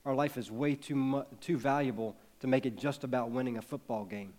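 A man's voice: mid-range voice, fairly even intonation, fairly quick, darkish tone. A man in his thirties preaching a sermon, telling a personal story in an earnest way and building to emphatic peaks. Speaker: pastor.

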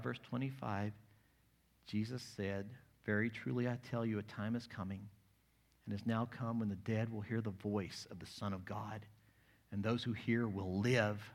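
A male pastor preaching a sermon, reading scripture aloud and swinging between hushed, slow passages and loud, ringing calls. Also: on the low side. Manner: dramatic, shifts from hushed to loud.

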